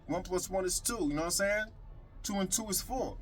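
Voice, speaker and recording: A man's voice: high voice, a little fast, rough recording. A man delivering a heated political rant to the camera, repeating himself and calling out his critics directly. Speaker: video commentator.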